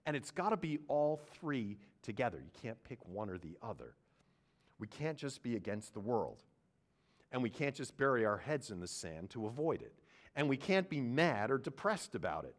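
A man preaching a sermon, earnest, moving from quiet reflection to loud, emphatic points. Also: mid-range voice, big pitch swings, normal speed. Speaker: pastor.

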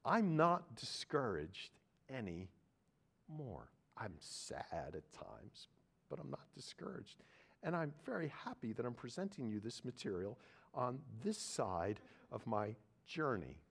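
A man preaching a sermon, earnest, moving from quiet reflection to loud, emphatic points. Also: mid-range voice, sing-song, slow pace, creaky, breathy edge. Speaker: pastor.

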